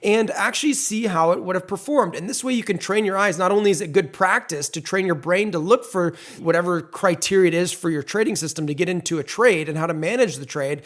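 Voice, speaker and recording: A man's voice: high-pitched, brisk, few pauses. A man explaining trading to camera in an emphatic, repetitive, salesy way. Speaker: trading educator.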